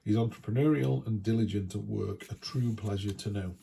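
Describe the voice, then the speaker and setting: Man, tarot reader, low gravelly voice, mellow tone, casual reassuring chat. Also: brisk, a little hiss or hum. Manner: chatty, reassuring, down-to-earth.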